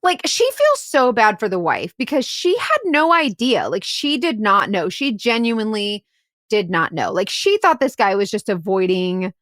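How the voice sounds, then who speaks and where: Animated, lively woman telling a case story. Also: no room sound, studio quality. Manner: animated storyteller, acts out quotes in shrill outbursts, many "like"s and "right?"s. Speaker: podcast co-host and private investigator. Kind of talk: casual storytelling chat.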